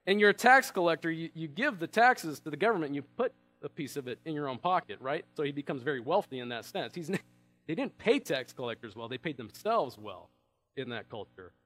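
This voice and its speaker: Male pastor, high and lively delivery, sermon with rhetorical questions. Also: fairly quick. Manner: animated, conversational preaching with rhetorical questions.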